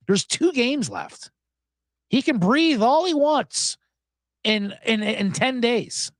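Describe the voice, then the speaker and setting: Guy hosting a betting podcast solo, super lively pitch, swears a lot, dry close mic. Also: slow, no echo. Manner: animated, sarcastic, profane, laughs often. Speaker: sports betting podcast host. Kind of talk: casual solo podcast talk.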